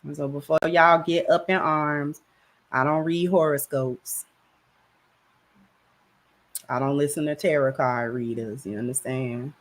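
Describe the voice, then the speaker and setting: A woman's voice: low voice, fairly even intonation, a little slow, long pauses. A woman hosting a livestream, talking casually in a slangy, rambling way on a camera mic. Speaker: livestream host.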